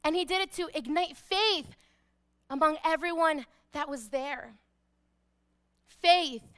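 Woman pastor, high and bright, emphatic sermon delivery with hushed repetitions. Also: slow. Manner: emphatic, dropping to hushed repeated phrases.

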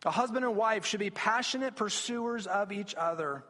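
Male pastor, high voice, earnest sermon, echoing church hall. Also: moderate pace, bright, forceful tone. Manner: earnest, explanatory preaching with frequent restarts. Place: church sanctuary. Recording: long reverb of a church hall.

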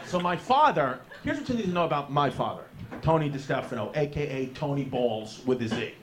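New male comic in his 30s, loose profane storyteller, higher-pitched, live club audio with noisy room. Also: animated, brisk. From New York. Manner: brash, profane, rambling with fillers. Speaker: stand-up comedian. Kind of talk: stand-up storytelling. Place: comedy club stage with live audience.

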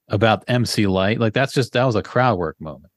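Laid-back podcast host, low voice, dry close mic. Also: male voice, no echo. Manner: laid-back, recounts comedy bits. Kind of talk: casual chat.

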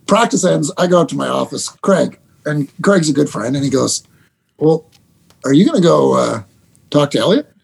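Gravelly, husky-voiced coach telling stories. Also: male voice, fairly high pitch. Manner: animated, laughing anecdotes with quick restarts. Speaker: basketball head coach. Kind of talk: storytelling guest in a casual interview.

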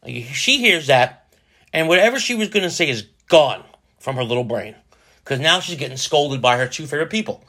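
A man rambles through a casual solo podcast in a bright, forceful voice, pitched a little higher than most men. He jokes, swears and restarts his sentences as he goes. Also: lively intonation, a little fast. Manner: rambling, profane, jokey, lots of restarts. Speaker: podcast host.

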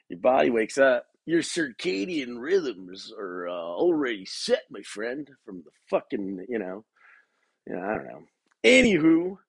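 A man's voice: mid-range voice, gravelly, husky, dry recording. A young man talking casually at home in his bedroom, rambling loosely, swearing often and calling the listener man and dude while he paces. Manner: laid-back, rambling, swears a lot, says man and dude. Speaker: podcast host.

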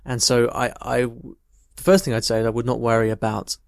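A man's voice: mid-range voice, level tone, normal speed, creaky, dry recording, studio quality. A man from the United Kingdom, an English teacher casually explaining and answering a listener's question in a thoughtful, conversational way. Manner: thoughtful, conversational, tells personal stories.

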